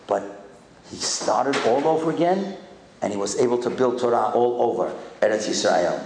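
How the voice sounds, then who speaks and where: A man giving an animated sermon, telling stories and swinging from high excited calls to low solemn tones. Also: fairly quick, vocal fry, roomy sound. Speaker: rabbi giving a talk.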